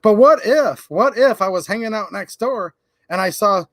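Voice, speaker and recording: A man's voice: sits high, lively intonation, normal speed, a bit bright, no room sound. A man hosting a livestream, telling rambling stories and chatting with viewers. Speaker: channel host. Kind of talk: livestream commentary.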